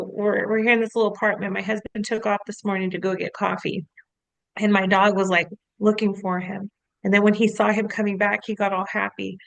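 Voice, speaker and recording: A woman co-hosting a casual podcast as a coach, talking in an animated, storytelling way, full of "like" fillers and easy laughs. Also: medium pitch, vocal fry, dry recording, low-quality recording.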